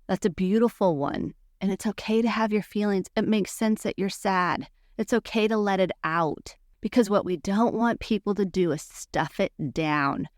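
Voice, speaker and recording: A woman's voice: mid-range voice, moderate pace, few pauses, no echo, clean studio sound. Earnest woman therapist coaching on a podcast. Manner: earnest, coaching, acts out sample phrases. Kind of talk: teaching podcast monologue.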